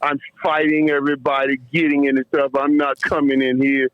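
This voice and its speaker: A man's voice: medium pitch, monotone, a little fast, no room sound. A middle-aged man, a former football player, telling emotional stories as a podcast guest, stumbling over repeated words and laughing as he goes. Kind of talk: emotional storytelling in a podcast interview. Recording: dull, muffled, dry sound.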